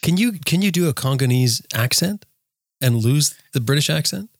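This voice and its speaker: A man's voice: fairly high pitch, lively intonation, normal speed, no room sound, clean studio sound. A man hosting a podcast chat, playful and teasing as he steers the talk. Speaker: host. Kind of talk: casual group chat on a podcast.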